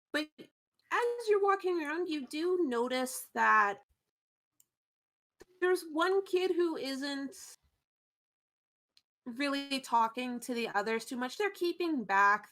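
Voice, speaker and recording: A woman's voice: high-pitched, animated, slow, pauses often, bright, forceful tone. A woman narrating a tabletop game as game master, loose and chatty with frequent fillers.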